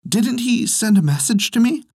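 A man's voice: very high-pitched, animated, normal speed, darkish tone, husky, no echo, clean studio sound, pitched above the performer's own voice, exaggerated voice. A man voicing a gullible, fussy old farmer's wife in a raised, fluttery voice. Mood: eager. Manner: exclaiming, doting.

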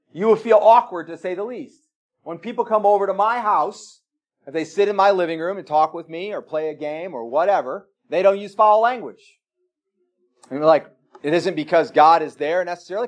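A man's voice: high-pitched, moderate pace. A man preaching a sermon in a church, plain-spoken and earnest, asking his listeners pointed questions. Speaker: pastor.

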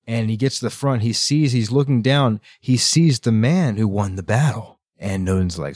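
A man hosting a podcast, retelling a story with quick, lively character voices in a casual book-club chat. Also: medium pitch, no room sound, studio quality. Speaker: podcast host.

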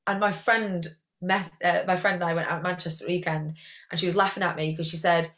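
A woman's voice: fairly low pitch, fairly even intonation, brisk, fairly bright tone. A young woman, chatting as a guest athlete in a casual interview, rambling and peppering her talk with "like".

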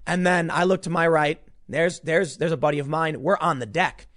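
Male commentary host, slightly high voice, heated and emphatic, stumbles over repeated words mid-rant. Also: steady tone, normal speed, fairly bright tone. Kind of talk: ranting opinion commentary.

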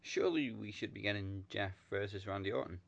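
Deep gravelly man in casual chat. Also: brisk. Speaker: podcast co-host.

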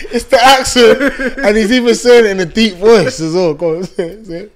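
A man's voice: very high-pitched, fairly bright tone. A young man co-hosting a podcast, laughing constantly and teasing in casual banter. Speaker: podcast co-host.

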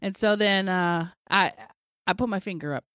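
Woman in her forties, animated storyteller. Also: medium pitch, moderate pace, no echo, studio quality. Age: 40s. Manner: animated storyteller, acts out quotes, laughs often. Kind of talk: casual storytelling chat.

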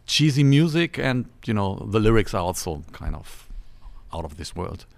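Gravelly low man, halting speech. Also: big pitch swings. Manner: halting, restarts often, measured opinions. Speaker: guest musician. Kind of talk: casual chat.

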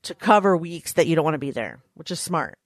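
A woman's voice: low voice, animated, a little fast, dry recording, studio quality. Teasing woman podcast co-host. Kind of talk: casual podcast chat.

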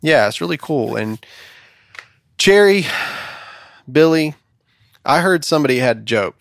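A man's voice: on the high side, lively intonation, measured pace, creaky, no echo, studio quality. Upbeat male podcast host. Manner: upbeat, storytelling with acted quotes. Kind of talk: casual chat and joke telling.

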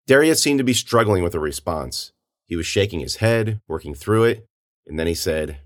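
A man narrating a story in a steady storytelling manner, giving characters their own voices. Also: low-pitched, normal speed. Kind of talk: audiobook narration.

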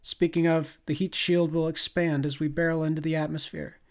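A man voicing a small, nonchalant woman engineer who talks in a flat monotone. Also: deep voice, a little fast. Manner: deadpan, detached.

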